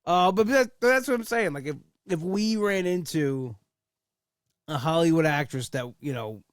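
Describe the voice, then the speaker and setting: A man's voice: a little high, expressive, measured pace, no echo, clean studio sound. A young man hosting a casual solo podcast, rambling with enthusiasm and swearing for emphasis. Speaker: podcast host.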